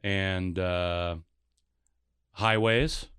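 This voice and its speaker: A man with a low, smooth and resonant voice talks easily about his songwriting as a guest on a radio show. He sounds thoughtful and modest, and the recording is dry and close. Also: fairly even intonation, drawn-out words, fairly bright tone, no room sound. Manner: easygoing, thoughtful, self-deprecating. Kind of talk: casual interview chat.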